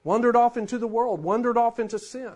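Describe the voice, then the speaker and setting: A man in his forties, a pastor preaching a sermon in a conversational way, dropping to a hush for emphasis. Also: extremely high pitch, steady tone, a little fast.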